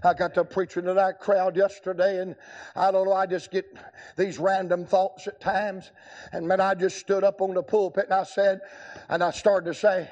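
Emphatic high-voiced revival preacher. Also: male voice, fairly even intonation. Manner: emphatic, swings from quick asides to drawn-out shouted lines. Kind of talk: revival sermon.

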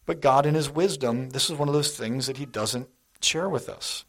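A man's voice: mid-range voice, moderate pace, fairly bright tone. Male preacher, middle-aged, chatty storytelling sermon, talks to the congregation. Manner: conversational storytelling, addresses the congregation directly.

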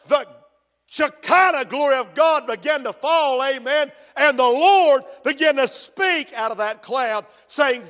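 A man preaching a sermon as pastor, rising to shouted peaks and slowing down on quoted scripture. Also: very high voice, big-room sound.

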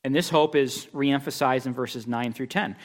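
A man's voice: medium pitch, moderate pace. A man preaching an expository sermon, emphatic, with rhetorical questions and repeated phrases. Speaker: pastor. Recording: long reverb of a large hall.

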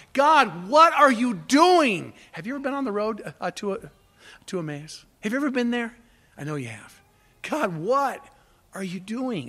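A man preaching a sermon with passion, swinging from quiet, low asides to loud, pleading cries. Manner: impassioned, rising to near shouts on quoted cries. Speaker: pastor.

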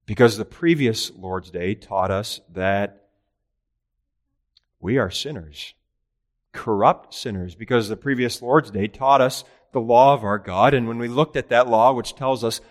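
A man preaching a catechism sermon with earnest, emphatic delivery, raising his voice for rhetorical questions and slowing down on key phrases. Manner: earnest preaching, rising in pitch and volume for emphasis. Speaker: pastor.

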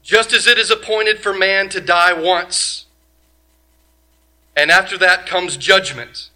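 A male pastor preaching a sermon, emphatic, asking many rhetorical questions and swinging from loud to quiet. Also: sits high, steady tone, slow.

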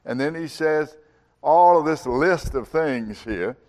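A man preaching a sermon, slow and emphatic, his voice rising and swelling on key words. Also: on the high side, lively intonation, a little mellow. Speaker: pastor.

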